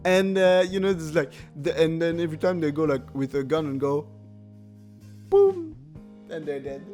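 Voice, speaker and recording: A man's voice: fairly high pitch, flat delivery, a little fast, darkish tone, soft background music. A man hosting a podcast, rambling casually through a comedic film review with frequent laughs and filler words. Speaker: podcast host.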